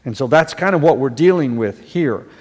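A man's voice: mid-range voice, lively intonation, moderate pace, a little mellow. Man preaching in an echoing hall. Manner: earnest, rising to emphatic stresses. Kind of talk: sermon.

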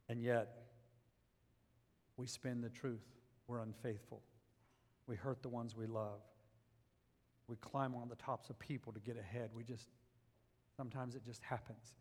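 A man preaching a sermon, climbing to loud emphatic peaks and dropping to quiet, low passages. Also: steady tone, moderate pace, pauses often, long reverb tail. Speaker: pastor.

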